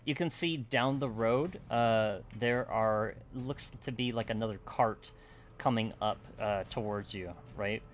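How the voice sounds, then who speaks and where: A man's voice: fairly low pitch, unhurried, slight background noise. A man running a tabletop game as game master, narrating in a loose, rambling way with many fillers. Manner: loose and rambling, full of "uh" and "kinda like".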